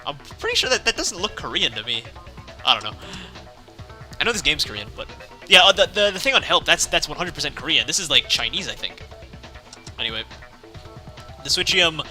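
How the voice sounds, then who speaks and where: A man's voice: a little high, sing-song, fairly quick, pauses often, pushed and bright, soft background music. A young man casually playing through a visual novel, reading the text aloud, rambling, correcting himself and laughing often. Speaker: let's play host.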